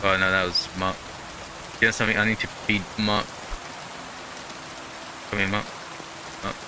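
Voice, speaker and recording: A man's voice: lowish voice, level tone, normal speed, noisy background. A man hosting a gaming channel, chatting casually through gameplay in a rambling way full of fillers.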